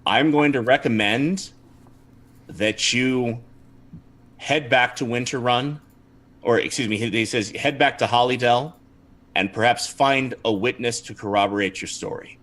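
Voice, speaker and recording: A man as a wary guard captain in a tabletop game, speaking formally and with care. His delivery is deliberate and sometimes halting, and his middle-range voice stays close to his own. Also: medium pitch, a bit bright, lightly acted. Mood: stern.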